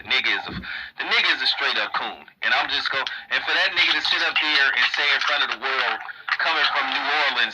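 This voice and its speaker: A man's voice: mid-range voice, noisy background. A man hosting an interview, blunt and emphatic, often restarting his words. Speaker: interviewer host. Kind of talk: casual interview chat.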